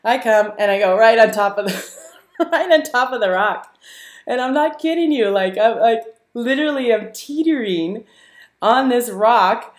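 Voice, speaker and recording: A woman hosting a live stream, telling a story to her viewers in a casual, animated way, laughing often and using many fillers. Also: medium pitch, normal speed. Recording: roomy echo.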